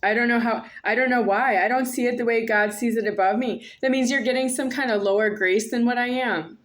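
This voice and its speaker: Brief: woman, somewhat high voice, solo vlog, repetitive confrontational monologue. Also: brisk. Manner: repetitive, confrontational, addresses an unseen "you". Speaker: vlogger. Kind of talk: rambling monologue to camera.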